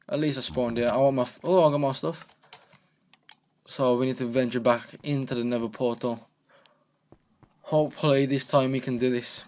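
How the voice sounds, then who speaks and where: A young man playing through a game map and commenting on it in a jokey, excitable way. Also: mid-range voice, normal speed, long pauses. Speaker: gaming channel host. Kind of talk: let's-play commentary.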